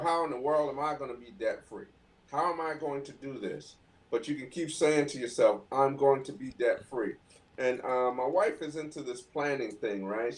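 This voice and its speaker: Earnest man heard from a distance. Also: medium pitch. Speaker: panelist. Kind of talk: casual panel discussion.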